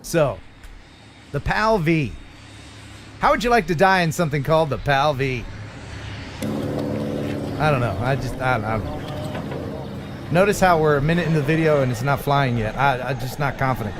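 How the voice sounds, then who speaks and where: A man's voice: mid-range voice, very animated, a little slow, pauses often, background noise. A man hosting a casual live stream, joking and rambling with his co-hosts. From United States. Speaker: livestream host.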